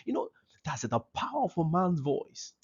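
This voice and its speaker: A man's voice: on the high side, big pitch swings, moderate pace, husky, highs cut off. A man giving a seminar talk to parents, emphatic and repeating his key phrases.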